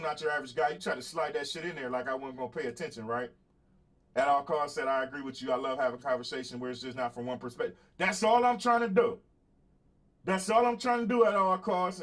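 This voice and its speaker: A man's voice: high voice, fairly bright tone. A man hosting a casual livestream talk show, speaking bluntly and with plenty of profanity, repeating points for emphasis, laughing between them and calling out to viewers. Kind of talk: casual livestream monologue, answering chat.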